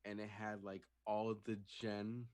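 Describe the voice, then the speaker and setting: A man's voice: on the low side, level tone, measured pace, darkish tone, clear, resonant tone, no room sound, rough recording. A man co-hosting a casual podcast live stream, joking along with many hesitant likes. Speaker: co-host.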